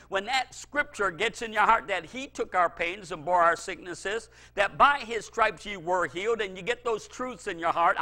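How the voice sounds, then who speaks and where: A man's voice: sits high, pushed and bright. A middle-aged male pastor preaching a fervent sermon, repeating phrases for emphasis.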